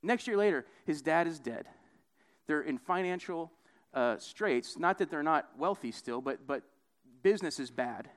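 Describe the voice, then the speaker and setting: In an unhurried, clean-toned voice, a young man delivers a casual sermon, frequently slipping in "right?" Quoted lines get acted out with big pitch jumps.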